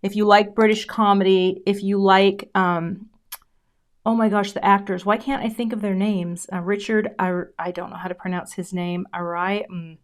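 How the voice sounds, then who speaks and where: A woman's voice: medium pitch, little pitch movement, moderate pace. A middle-aged woman hosting a casual live craft stream from her home craft room, chatting and thanking viewers as she works. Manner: chatty, self-interrupting, reads out viewer comments. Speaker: craft channel host.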